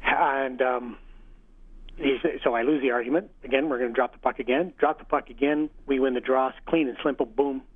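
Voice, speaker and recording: Husky middle-aged man on a tinny phone line. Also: medium pitch, a little fast, dry recording. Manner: analytical, then tells anecdotes with animated retelling. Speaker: hockey analyst and former coach, radio guest. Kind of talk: phone-in interview. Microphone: telephone line.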